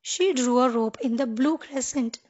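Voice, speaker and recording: A woman reading a children's story aloud as storyteller, in a gentle, expressive way. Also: sits high, normal speed. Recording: dull lo-fi recording.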